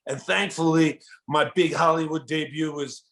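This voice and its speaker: Male comedian guest, lively storyteller with a fairly high voice. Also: moderate pace. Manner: animated, enthusiastic, says dude a lot. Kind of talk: casual storytelling chat.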